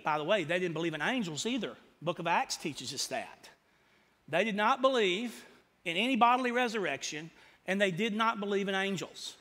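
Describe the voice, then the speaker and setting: Male pastor, high voice, folksy teaching sermon, quizzes the room as he goes. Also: a bit bright. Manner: folksy, asks the room questions and answers himself. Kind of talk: expository sermon. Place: church sanctuary. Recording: long church hall reverb.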